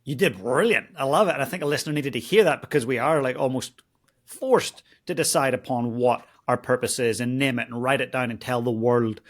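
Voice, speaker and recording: A man's voice: medium pitch, a little fast. A man with an Irish accent hosting a podcast interview, encouraging and appreciative toward his guest. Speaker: podcast host.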